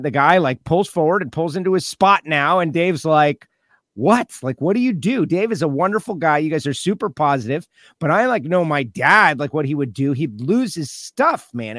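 A man hosting a casual racing talk show, animated and chatty, acting out quotes and using lots of "like". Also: fairly high pitch, dry recording, studio quality. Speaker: host. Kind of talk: casual radio show chat.

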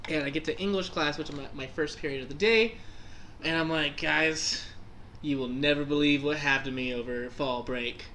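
A young man tells a chaotic story in relaxed podcast chat. His voice sits high and bright, and he acts out his past reactions with bursts of laughter. A faint hiss runs under the recording. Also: moderate pace.

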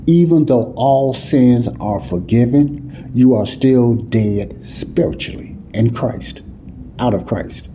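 A man's voice: mid-range voice, takes it slowly, warm tone, slight background noise, low-quality recording. A man teaching the Bible in an emphatic, conversational preaching style, often checking that listeners follow. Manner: repeats "you see what I'm saying?" to listeners.

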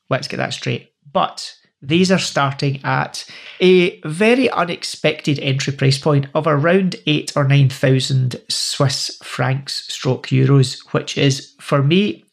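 A man's voice: medium pitch, creaky, slightly rough. A man co-hosting a podcast in casual chat, explaining things with enthusiastic, slightly rambling energy. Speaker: podcast co-host.

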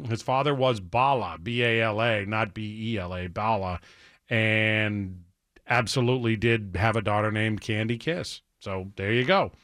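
Radio host guy bantering away, bright voice, dead dry studio sound. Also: medium pitch, no echo. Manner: wry, teasing banter. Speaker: radio talk show host. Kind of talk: call-in talk radio chat.

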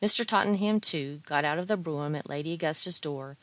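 A woman reading a novel aloud in a measured, gently wry storytelling manner. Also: low-pitched, no echo. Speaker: audiobook reader. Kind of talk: scripted narration of a novel.

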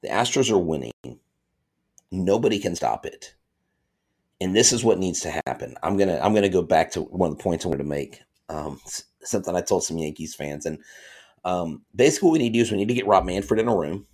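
A man hosting a live sports podcast, chatting casually and reading viewer comments aloud in excitable fan banter. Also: low voice, brisk, husky. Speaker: podcast host.

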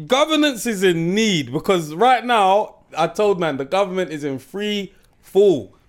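A young man, co-hosting a casual banter podcast, loud and slangy, often shouting and laughing. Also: high-pitched, animated, a little slow. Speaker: podcast co-host.

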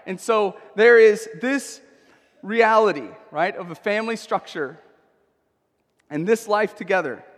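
A man preaching in a church with a high, bright voice and an emphatic, conversational delivery. He punctuates his points with quick check-ins to the crowd. His words trail off into a long hall reverb. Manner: conversational, emphatic, frequent tag questions. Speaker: pastor. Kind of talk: sermon.

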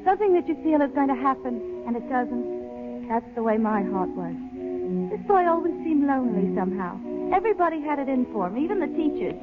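A timid, sweet young woman in a 1940s radio drama. Her voice is high and soft-spoken. It sounds like an old, tinny radio broadcast with music underneath. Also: lively intonation, brisk, creaky. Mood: shy.

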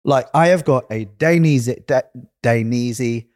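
A man's voice: medium pitch, takes it slowly, a little mellow, no echo, clean studio sound. A man from England co-hosting a casual podcast chat, telling rambling stories and correcting himself as he goes. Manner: rambling, self-correcting storyteller. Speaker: podcast co-host.

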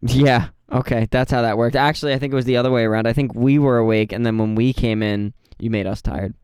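A man with a smooth, clear voice trading quick teasing jokes as a podcast co-host. He sounds close to the mic in a dry space. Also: mid-range voice, steady tone, a little mellow, no room sound. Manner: teasing, joking, quick banter. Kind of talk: casual chat.

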